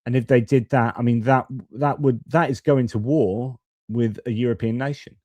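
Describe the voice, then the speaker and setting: A man's voice: medium pitch, fairly even intonation, moderate pace, dark tone, no echo. A man hosting a live-stream commentary, reading out viewer comments and giving rambling, opinionated, self-correcting takes. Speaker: host of a live-stream geopolitics channel.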